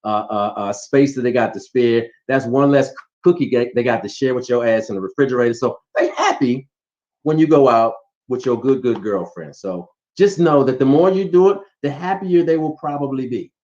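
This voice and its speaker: A man's voice: mid-range voice, moderate pace, a little mellow. A man talking animatedly and teasingly in a casual chat about relationships, giving advice with playful emphasis. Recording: dull lo-fi sound.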